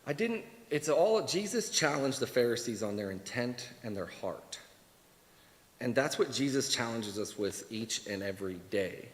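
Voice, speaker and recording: A man leading a church Bible class in a candid, animated way, acting out quoted voices. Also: medium pitch. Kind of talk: conversational church teaching. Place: church hall. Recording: echoey church hall, live stream.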